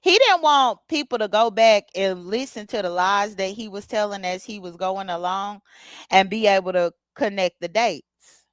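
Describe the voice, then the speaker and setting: Speaking at a moderate pace in a smooth, medium-pitched voice, a livestream host offers casual live commentary. She talks bluntly with features and greets chat viewers by name, and the audio has no echo.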